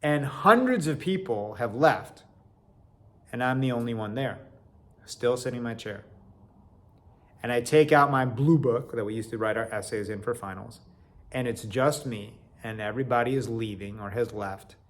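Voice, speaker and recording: A man telling a personal story in an animated way, swinging from loud to quiet. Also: mid-range voice, normal speed.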